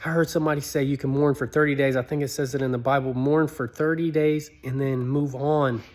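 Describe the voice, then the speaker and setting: A man telling a personal story in an earnest, pleading way, his voice climbing high when he begs. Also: fairly even intonation, fairly quick, darkish tone. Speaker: motivational speaker.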